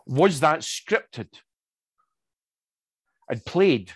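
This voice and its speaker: A man's voice: on the high side, extremely slow, breathy edge, no room sound. Guy rambling through a story, voice jumping all over, dry close sound. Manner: lively storyteller, many restarts and asides. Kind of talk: casual chat.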